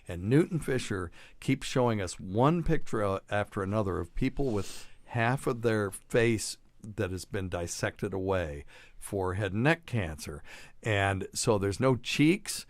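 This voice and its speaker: A man's voice: fairly low pitch, dry recording. A middle-aged man, a doctor hosting a show, telling profane, rambling anecdotes in casual chat.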